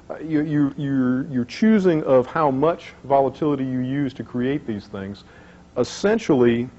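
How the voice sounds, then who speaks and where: A man's voice: mid-range voice, a little mellow. A man speaking casually at a trading seminar, often repeating words and restarting sentences. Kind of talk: live seminar talk. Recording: dull lo-fi recording.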